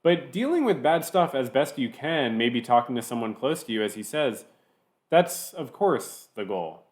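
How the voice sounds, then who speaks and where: Male reaction commentator, sarcastic, animated up-and-down delivery. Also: medium pitch. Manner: sarcastic, pausing the clip to mock it.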